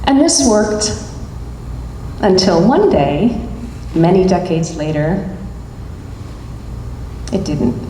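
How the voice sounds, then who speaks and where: A middle-aged woman telling a personal story live on stage, with dramatic pauses between short phrases. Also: lowish voice, big pitch swings, warm tone, a little hiss or hum. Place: stage at a live event hall. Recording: roomy hall reverb.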